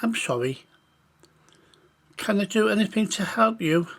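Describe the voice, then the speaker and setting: A man voicing a lonely, gentle giant who speaks hesitantly. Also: high-pitched, lively intonation, creaky, pitched above the performer's own voice, exaggerated voice. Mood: apologetic. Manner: hesitant, halting.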